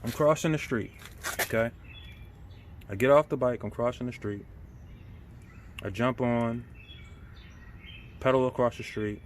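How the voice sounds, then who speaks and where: A man's voice: mid-range voice, measured pace, pauses often, a little hiss or hum. Irate man ranting to camera. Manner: irate, repetitive, swears and asks "right?" often. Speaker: vlogger. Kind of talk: casual ranting monologue.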